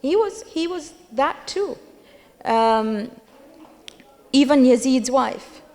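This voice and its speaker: A woman's voice: sits high, expressive, slow, darkish tone. A woman giving a religious lecture at a gathering, telling stories emphatically and repeating key phrases for weight. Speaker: majlis speaker. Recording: long hall reverb.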